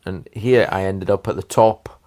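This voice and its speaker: Stream host, male, laid-back and teasing, lowish pitch. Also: fairly even intonation, normal speed, darkish tone. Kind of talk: casual chat.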